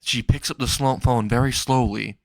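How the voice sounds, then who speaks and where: A man rambles through an improvised fan-fiction story, excitable and quick to swear. His voice sits at a middle pitch. The sound is dry and close, with no room around it. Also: creaky, no echo.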